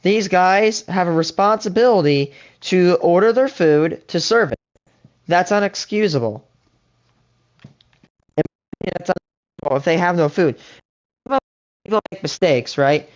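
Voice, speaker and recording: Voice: mid-range voice, expressive, unhurried, pauses often. A live streamer reacting to a TV show in rambling, indignant casual commentary, often restarting sentences.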